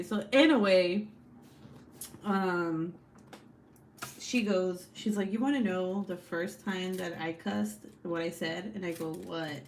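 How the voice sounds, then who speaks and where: A woman's voice: on the low side, slight background noise. A young woman hosting a casual livestream, chatting and laughing often as she reads the chat aloud, swearing freely. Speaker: livestream host.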